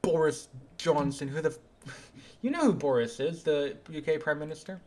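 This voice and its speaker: Young guy streaming a game, kinda high voice, gets loud and hyped fast. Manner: excitable, bursts louder when things happen. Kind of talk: live gameplay commentary, chatting with viewers.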